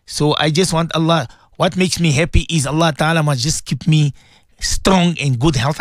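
A man's voice: a little high, moderate pace, no echo. A man hosting a call-in radio show as a Muslim cleric, speaking in a heartfelt, repetitive way as he reads out listener messages. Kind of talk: emotional call-in radio talk.

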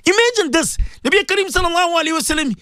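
A man's voice: extremely high pitch, animated, racing, pushed and bright, no room sound, clean studio sound. A man presenting an impassioned religious talk on the radio, repeating his points and firing rhetorical questions at his listeners. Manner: repetitive, preachy, rhetorical questions, swinging emphasis.

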